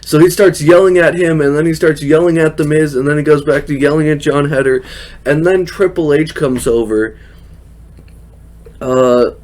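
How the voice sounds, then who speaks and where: A man's voice: on the high side, steady tone, normal speed, darkish tone. Chatty man casually recapping a show. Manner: chatty, laughs often, frequent fillers. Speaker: wrestling recap host.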